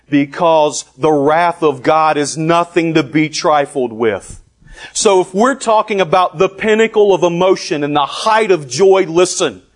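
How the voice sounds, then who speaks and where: A male preacher delivering a sermon in a fairly high voice. He speaks slowly and deliberately, pausing often and stressing his points. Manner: deliberate, emphatic preaching with long pauses.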